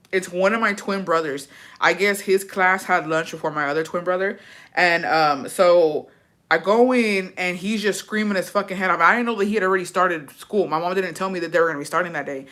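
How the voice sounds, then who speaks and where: A young woman vlogger tells a personal story casually, swearing often and growing emotional, even tearful at times. Her voice is fairly low-pitched and fairly bright, and she speaks briskly.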